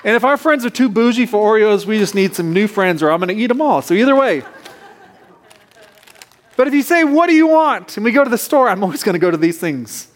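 A man's voice: high-pitched, expressive, fast. A man in his thirties preaching a sermon, casual and playful, with joking asides to the congregation. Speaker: pastor.

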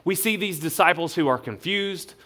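Casual preacher with a slight drawl. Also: male voice, sits high, animated, normal speed, sharp tone. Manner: conversational storytelling, acts out quotes. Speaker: pastor. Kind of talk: sermon.

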